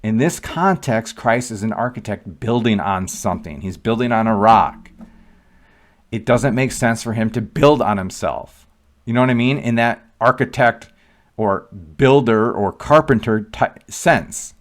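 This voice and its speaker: A man's voice: mid-range voice, unhurried. A man giving casual, emphatic commentary on scripture and asking rhetorical questions. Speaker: Catholic commentator.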